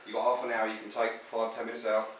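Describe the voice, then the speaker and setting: A man with a lowish voice talks quickly and earnestly, reassuring a contestant and warning him to be careful. He sounds distant from the mic, in a very echoey room with clear background noise. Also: little pitch movement. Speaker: host. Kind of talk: urging a contestant during a food challenge. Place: indoors at a food challenge venue.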